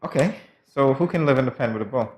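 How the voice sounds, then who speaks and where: A man's voice: mid-range voice, fast talker, a little mellow, roomy sound, a little hiss or hum. A man co-hosting a morning talk show, chatting casually and teasing with frequent laughter. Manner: playful and teasing, laughs often while explaining. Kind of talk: casual studio banter. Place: TV studio.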